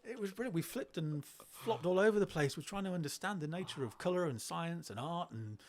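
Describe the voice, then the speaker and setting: A middle-aged man, a podcast guest telling classroom stories in a lively way, often restarting his sentences. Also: a little high, fairly quick. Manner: animated, acts out children's voices, frequent restarts. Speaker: guest, education speaker. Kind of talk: conversational storytelling.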